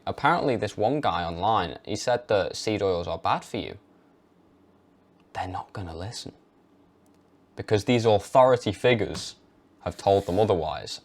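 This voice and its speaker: A young man vlogging to camera. He talks emphatically and stresses key words hard, then drops into a hesitant mumble when he mimics someone unsure. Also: fairly low pitch. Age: young adult. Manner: emphatic, mocks hesitant speech. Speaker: health vlogger. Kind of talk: direct-to-camera advice monologue.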